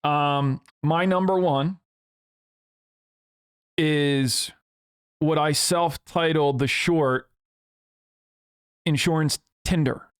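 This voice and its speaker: A man co-hosting a podcast in casual chat, joking in a dry, deadpan way. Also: fairly high pitch, very slow, pauses often, smooth, dry recording. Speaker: podcast co-host. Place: podcast studio.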